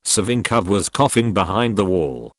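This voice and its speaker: A man narrating a historical audiobook in a measured, expressive storytelling manner, recorded close up in a booth. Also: on the low side, dry recording. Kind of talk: scripted narration.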